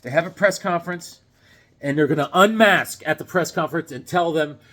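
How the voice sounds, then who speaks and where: A man casually recapping a comic book story, animated and storytelling, acting out the characters. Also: a little high, brisk. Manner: frequent fillers and restarts.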